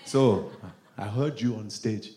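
A man's voice: takes it slowly, heavy background noise. A man doing a suspicious, pushy Nigerian guy. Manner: low, insistent questioning. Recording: echoey comedy club with laughing crowd.

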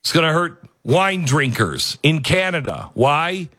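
A man hosting an opinionated news commentary, animated and sarcastic, often laughing. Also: on the high side, measured pace, no room sound, clean studio sound. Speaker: commentary show host.

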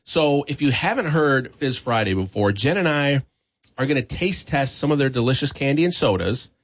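A man hosts a morning radio show in an upbeat, chatty way. He laughs easily between lines. His voice sits at an ordinary middle pitch. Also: lively intonation, moderate pace. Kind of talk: casual radio banter. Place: radio studio.

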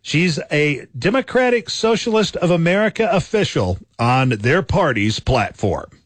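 Lively countdown-style radio host man. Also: a little high, measured pace, no echo.

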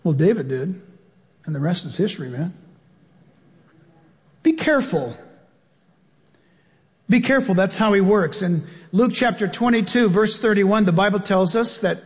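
A pastor preaching a sermon in an animated way, acting out voices and laughing as he goes. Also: high-pitched, breathy edge, long reverb tail. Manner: animated, acts out voices and laughs mid-sentence.

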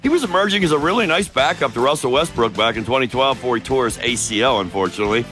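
Bright, animated male radio host. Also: medium pitch, quick pace, faint music behind. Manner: wry, joking sports banter. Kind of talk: casual morning radio chat.

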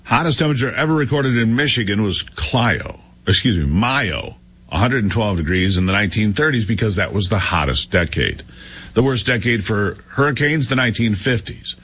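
A man's voice: on the low side, big pitch swings, moderate pace, a bit bright, breathy edge. A middle-aged man co-hosting a talk radio show, chatting in a sarcastic, dismissive way. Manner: sarcastic, dismissive, mock-dramatic. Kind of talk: casual opinionated talk radio chat.

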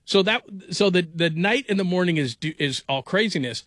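A man's voice: sits high, animated, a little fast, a bit bright, no echo. A man hosting a sports talk radio show, chatting casually and rambling with lots of "like.". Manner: rambling, heavy use of "like".

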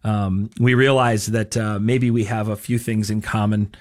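A man's voice: fairly low pitch, flat delivery, measured pace, a little mellow. A middle-aged man hosting a radio show, telling stories in a chatty, casual way and laughing often. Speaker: radio host. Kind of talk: casual talk-radio chat.

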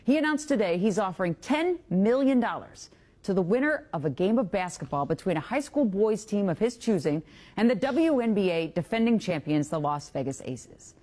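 A woman news anchor reading a scripted commentary with a measured, pointed delivery. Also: medium pitch, very animated, mellow.

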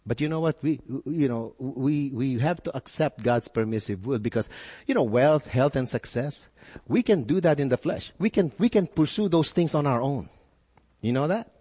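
A man's voice: medium pitch, expressive, moderate pace, mellow, husky. A male pastor preaching a sermon, putting questions to his listeners and repeating words as he builds his point. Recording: echoey hall with long reverb.

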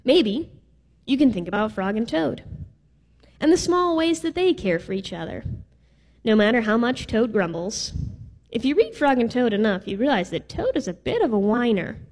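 A woman's voice: on the high side, very animated, moderate pace, a little mellow. A woman preaching a sermon in a casual, playful way with some filler words. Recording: reverberant hall.

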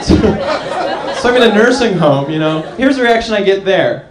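High-voiced young man doing stand-up. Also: lively intonation, normal speed. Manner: loose rambling delivery with lots of "like" and "you know". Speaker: stand-up comedian. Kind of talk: stand-up comedy set. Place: comedy club stage with live audience. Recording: echoey live room with crowd.

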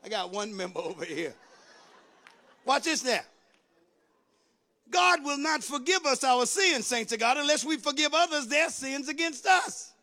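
Man preaching, very high voice, bright and forceful, shouts then mutters. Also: sing-song, a little slow, pauses often. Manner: preaching with shouts and sudden drops to a low mutter. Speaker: pastor. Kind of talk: sermon.

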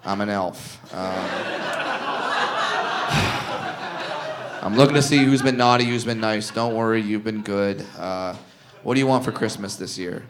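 A man voicing a grown man who reluctantly plays a Christmas elf, muttering low and flat over a noisy live room. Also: moderate pace, close to an everyday voice. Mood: resigned.

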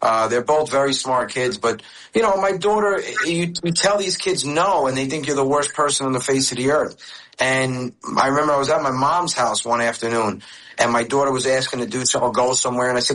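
A man's voice: medium pitch, brisk, fairly bright tone, rough recording. A man in his forties, raised in the United States, talking as a radio interview guest and telling candid stories with many restarts. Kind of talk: casual interview chat.

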